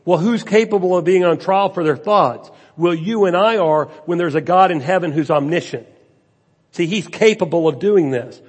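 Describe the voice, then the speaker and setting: Husky-voiced pastor guy preaching, kinda high voice, big church echo. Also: moderate pace. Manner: preaching with rising and falling emphasis, rhetorical questions. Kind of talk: sermon. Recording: long hall reverb.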